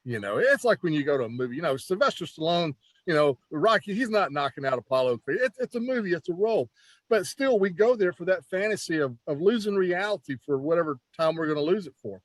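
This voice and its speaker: A man who is a former pro wrestler, telling stories in a casual, animated interview with lots of "you know" and restarts. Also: a little high, quick pace, dry recording.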